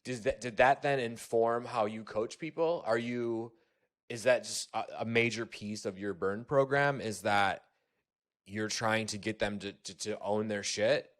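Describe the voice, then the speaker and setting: A man hosting a casual podcast interview, asking questions haltingly with many restarts. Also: on the low side, steady tone. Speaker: podcast host.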